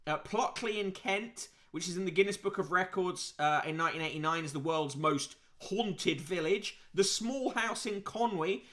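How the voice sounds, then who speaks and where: Male podcast host, high bright voice, dry sarcastic reader-commentator. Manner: wry, sarcastic asides between readings. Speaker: podcast host reviewing print media. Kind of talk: casual read-aloud commentary.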